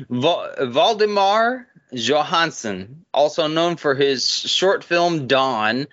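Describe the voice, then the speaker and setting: A man hosts a podcast in an easy, unhurried way, reading his notes aloud. He halts often and fills the gaps with "uh". The recording is dull and lo-fi. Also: fairly high pitch, expressive, a bit bright. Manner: halting, many "uh" pauses. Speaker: podcast host. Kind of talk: casual chat, reading notes.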